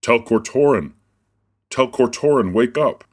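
A man voicing an urgent male villager who calls out loudly in an audiobook, low-pitched, with faint music behind. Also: unhurried, slightly rough. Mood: urgent shouting. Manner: calling out loudly through a door.

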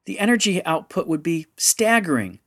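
Give me a man voicing an anxious, precise little girl-like being, pitched high. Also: sing-song, normal speed. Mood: alarmed. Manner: precise, analytical.

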